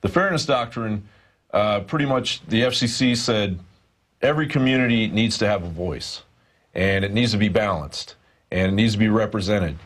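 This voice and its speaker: A man's voice: on the low side, moderate pace, fairly bright tone. A male reporter talking through a studio news discussion, rambling and hesitant with many fillers.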